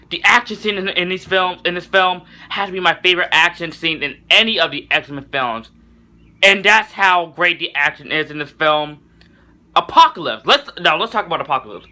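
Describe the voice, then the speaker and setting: Young man, movie review vlog, enthusiastic, rambling, bright forceful voice, fairly high. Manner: enthusiastic, rambling, self-correcting. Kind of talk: casual video review.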